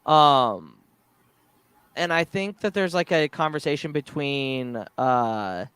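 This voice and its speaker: Excited podcast host with a smooth voice. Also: male voice, on the high side, takes it slowly, no room sound. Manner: excited, retells scenes with filler-heavy restarts. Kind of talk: casual chat.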